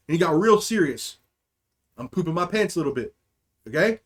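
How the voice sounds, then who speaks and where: High-voiced young man rambling a story. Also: lively intonation, brisk, pauses often, a bit bright. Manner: rambling, profane, keeps asking "okay?". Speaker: livestream host. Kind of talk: casual storytelling chat.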